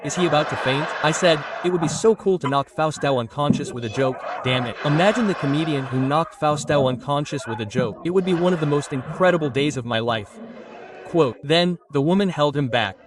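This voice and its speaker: A man in his thirties from Brazil doing stand-up, telling an animated story and acting out the lines of the people in it. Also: on the high side, fairly quick, crowd noise. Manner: animated, acts out quotes, swears casually. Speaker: stand-up comedian. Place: comedy stage with live audience. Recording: distant stage mic, audience noise.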